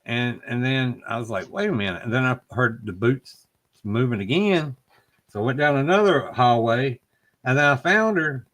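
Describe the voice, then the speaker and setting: A man's voice: medium pitch, moderate pace. Storytelling man with a drawl. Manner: swearing, storytelling, lively quoted voices. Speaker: podcast host. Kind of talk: casual chat. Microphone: live stream call.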